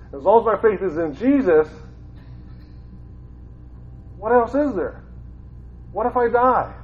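Man giving a Bible talk over a tinny line. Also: fairly high pitch. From Ohio, United States. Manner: conversational, repeats phrases, grows more fervent. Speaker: lay preacher, former school teacher. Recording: tinny phone-like sound.

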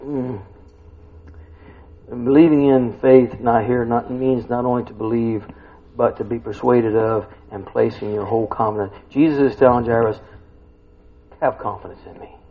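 Folksy man preaching, husky voice. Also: moderate pace. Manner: folksy, asks the listeners questions; swells loud and high when excited. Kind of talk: conversational sermon. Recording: dull lo-fi recording.

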